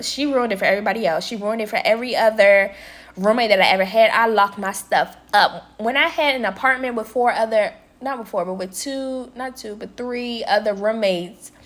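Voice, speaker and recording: Animated young woman telling a storytime. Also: mid-range voice. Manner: animated, dramatic retelling with exclaimed quotes; chatty, addresses viewers as y'all. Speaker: vlogger. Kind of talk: casual storytime while working.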